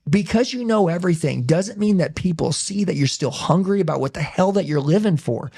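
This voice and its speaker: A man's voice: high voice, expressive, fairly quick, creaky, darkish tone, slightly rough. A man talking intensely and emphatically in a casual podcast conversation, sharing his story as a business owner. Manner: intense, emphatic, says "dude" a lot.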